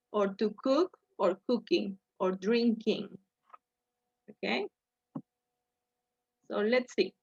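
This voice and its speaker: A woman walks students through an English grammar point, speaking slowly and tagging "okay" onto nearly every step. Her voice sits a little high, close and dry. The sound is dull and lo-fi. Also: no echo. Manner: slow, repeats "okay" to check in with students. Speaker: English teacher. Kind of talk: online grammar lesson.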